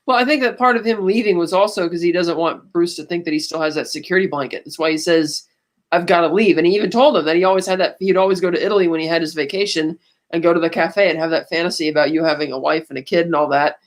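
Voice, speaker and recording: A man's voice: a little high, fast talker. A man co-hosting a podcast in casual chat, retelling movie scenes and quoting the characters' lines along the way. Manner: frequent restarts and laughs while recapping. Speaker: podcast co-host.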